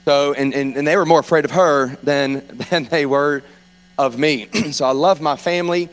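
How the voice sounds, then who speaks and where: A man in his forties from South Louisiana with a South Louisiana accent, preaching an informal, joking sermon as a guest preacher and clearing his throat often. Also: a little high, normal speed. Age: 40s.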